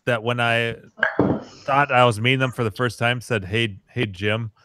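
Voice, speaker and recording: A man in casual podcast chat, telling an anecdote and swearing. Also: mid-range voice. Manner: slow, animated, swears.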